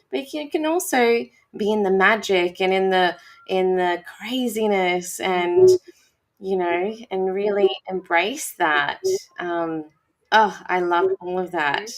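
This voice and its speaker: A woman, a teacher, talking enthusiastically in a casual conversation and rambling as she searches for words. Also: on the low side.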